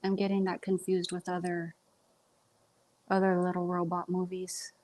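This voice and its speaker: A woman's voice: fairly low pitch, monotone, normal speed, a little mellow. A young woman with a Texan Southern accent, chatting casually on a livestream with lots of ums. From Texas. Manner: chatty, self-conscious, many ums. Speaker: livestream host.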